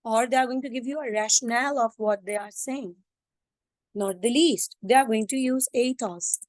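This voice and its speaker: A woman's voice: fairly high pitch, normal speed, no echo. A woman teacher lecturing a class, asking many questions and slipping into Hindi-Urdu phrases.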